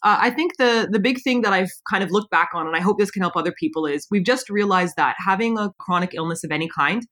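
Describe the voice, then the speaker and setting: Woman in her thirties, fast-paced, chatty, casual conversation. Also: mid-range voice, fairly bright tone. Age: 30s. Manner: quick, chatty, acts out quoted thoughts. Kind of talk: casual chat.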